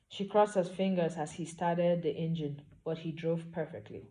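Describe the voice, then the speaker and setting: Woman author reading her novel aloud, low and mellow, calm. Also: normal speed, few pauses.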